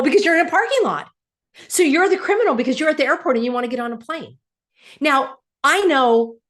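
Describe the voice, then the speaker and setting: A middle-aged woman hosting her own vlog, indignant and sarcastic. Her voice jumps between loud, high outbursts and low, muttered asides. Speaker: channel host. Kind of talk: animated opinion vlog.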